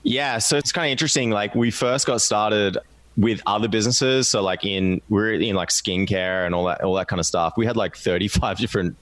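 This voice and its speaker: A man's voice: fairly low pitch, fairly quick, fairly bright tone, no room sound. A man with an Australian accent, a podcast guest talking in a laid-back, joking, rambling way. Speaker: podcast guest, business co-founder. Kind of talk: casual conversation.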